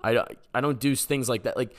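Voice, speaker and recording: A man's voice: medium pitch, fairly quick. A man from the Boston area hosting a podcast, answering voicemails with sarcastic, joking chat. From Boston area, USA. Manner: joking, sarcastic, rambling with fillers. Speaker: podcast host.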